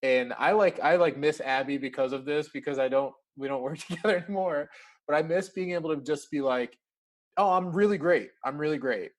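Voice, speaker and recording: A man's voice: fairly high pitch, fairly quick. A man talking as a podcast guest in a casual interview, chatty and laughing often as he acts out bits of dialogue.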